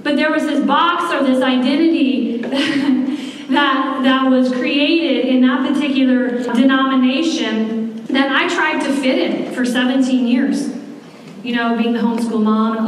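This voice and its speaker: A woman's voice: high-pitched, fairly even intonation, measured pace, a little hiss or hum. A woman in her forties preaching a sermon, talking candidly and conversationally with personal asides. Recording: echoey hall from far off.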